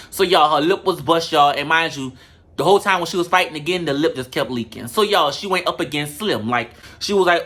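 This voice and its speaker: A sassy show-review vlogger with a bright, forceful tone, cursing freely through a comedic recap and talking right to the viewers. The delivery jumps between quick asides and slow, drawn-out emphasis. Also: mid-range voice. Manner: sassy, profane, talks straight to viewers.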